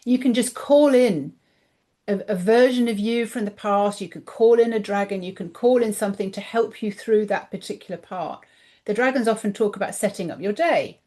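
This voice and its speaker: Woman guest, mid pitch, talkative and expressive, throat a bit worn. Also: moderate pace. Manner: chatty and animated, acts out quoted voices. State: voice tiring, clears throat. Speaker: guest, intuitive coach and author. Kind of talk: casual podcast interview.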